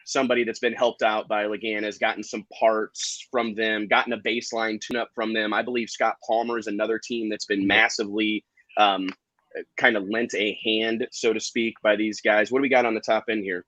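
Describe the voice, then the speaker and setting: A man hosting a casual live stream, chatting loosely and stopping to fill gaps with "um" and "uh." His voice is bright and forward, in a medium range. It sits close and dry on the mic. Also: lowish voice, fairly even intonation, normal speed, no room sound, highs cut off. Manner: chatty, hesitant with fillers. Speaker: livestream host.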